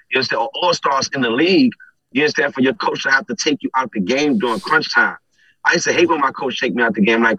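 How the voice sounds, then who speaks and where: A streetball game announcer chats animatedly on a podcast, often asking "you understand?" and re-enacting conversations in quoted voices. His medium-pitched voice has a breathy edge, and the lo-fi recording is free of echo.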